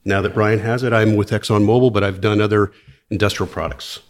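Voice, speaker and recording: Guy introducing himself on a podcast, lowish voice, easygoing and friendly. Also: fairly even intonation, fairly quick. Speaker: guest, account partner. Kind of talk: casual podcast chat.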